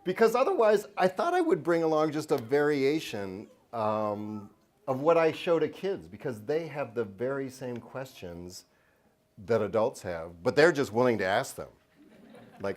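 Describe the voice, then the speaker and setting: A man's voice: medium pitch, big pitch swings, unhurried. A man presents his books to a lecture-hall audience with a playful, self-mocking humor. He chuckles between lines and keeps a loose, joking tone. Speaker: children's book author giving a talk. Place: lecture hall at a university event.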